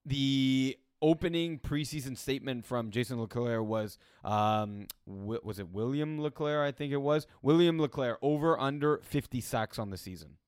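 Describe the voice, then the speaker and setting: A man co-hosting a casual sports podcast, animated and telling stories with lively quoted bits. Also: mid-range voice, moderate pace, few pauses, smooth, no echo, studio quality. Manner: animated storyteller, quotes others in lively bursts. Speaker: co-host.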